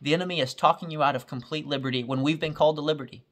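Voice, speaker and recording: A man's voice: fairly high pitch, fairly even intonation, racing, a bit bright. A man preaching a recorded sermon in a fervent, repetitive cadence.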